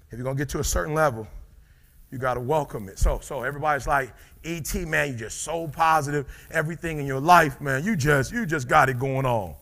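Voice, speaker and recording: A middle-aged man giving a live motivational speech, dropping to low murmurs and rising to shouted peaks, calling out to the crowd. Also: creaky. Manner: preacher-like call and response with the crowd. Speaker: motivational speaker.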